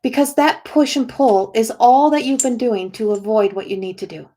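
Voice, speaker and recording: A woman's voice: fairly high pitch, normal speed, warm tone. A woman giving a spontaneous oracle card reading as a psychic medium, rambling with lots of "like" and restarts as she relays what a spirit tells her.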